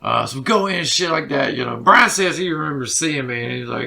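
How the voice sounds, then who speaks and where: A man's voice: medium pitch, expressive, fairly quick, gravelly, pushed and bright. A man, a musician guest telling rambling stories in a casual interview, full of swearing and fillers.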